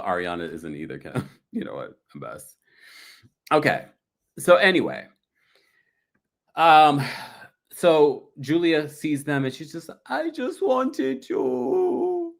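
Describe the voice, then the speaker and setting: A man hosting a casual livestream recap, gossiping and reading viewer comments, often mimicking people in high voices. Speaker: recap show host.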